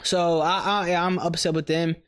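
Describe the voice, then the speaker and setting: A man co-hosting a podcast in casual chat, ranting with loose, animated outrage and plenty of swearing. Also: on the high side, normal speed, smooth. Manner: animated, swears freely, rants with mock outrage. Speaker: podcast co-host.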